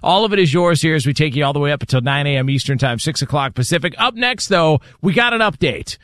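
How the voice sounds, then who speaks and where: A man's voice: fairly high pitch, animated, a bit bright, no room sound, studio quality. A man co-hosting a sports radio show, making wry jokes and laughing easily in casual banter. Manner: wry, jokey, quick to laugh. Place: radio studio.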